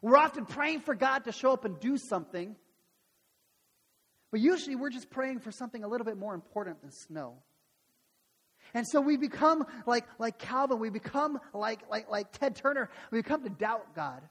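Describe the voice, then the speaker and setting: A man's voice: extremely high pitch, animated, moderate pace, fairly bright tone, big-room sound. A man preaching a sermon, earnest, with rhetorical questions and repeated phrases. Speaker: pastor.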